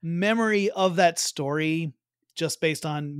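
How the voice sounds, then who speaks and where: A man with a fairly high voice, co-hosting a casual chat and chuckling as he goes. He sounds relaxed and loose and trails off at times. The sound is dry and close, with no room around it. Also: moderate pace, no room sound. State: hiccups. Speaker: podcast co-host.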